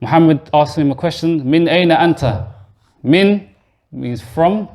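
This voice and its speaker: A man's voice: fairly high pitch, lively intonation, measured pace, a little mellow. A male teacher giving a classroom lesson to beginners, explaining step by step and quizzing his students as he goes. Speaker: Arabic teacher. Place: mosque classroom.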